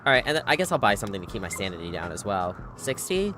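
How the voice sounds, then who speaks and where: A game streamer in casual live-stream commentary, chatty and playful, reacting out loud to the game. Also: low-pitched, very animated, racing, over music. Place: home streaming setup.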